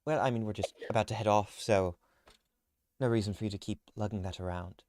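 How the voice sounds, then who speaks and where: A man's voice: on the low side, fairly even intonation, brisk, a little mellow, dry recording, natural voice. Guy voicing a nervous rambly young woman, keeps saying sorry, dry close mic. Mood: flustered. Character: flustered, anxious young woman. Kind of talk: tabletop role-play.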